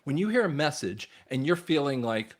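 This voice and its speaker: A man hosting his own channel, giving a rambling religious and political commentary monologue in an emphatic voice that jumps from loud bursts to near mutters. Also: fairly high pitch, sing-song, moderate pace. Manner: addresses viewers directly as guys.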